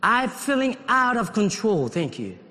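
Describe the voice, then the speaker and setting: A man from Haiti preaching a sermon, animated and acting out little dialogues as he talks. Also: sits high, unhurried. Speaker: pastor. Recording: long reverb of a large hall.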